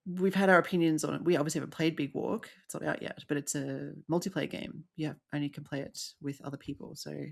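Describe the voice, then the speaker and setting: Gravelly low-voiced woman. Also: steady tone, quick pace, few pauses. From Australia. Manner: chatty, laughs often, upbeat. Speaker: podcast co-host. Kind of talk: casual chat.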